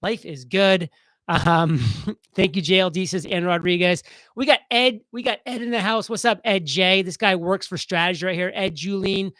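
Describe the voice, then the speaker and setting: A man hosting a casual live stream, talking fast and excitedly as he reads viewer comments aloud. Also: sits high, dry recording, rough recording.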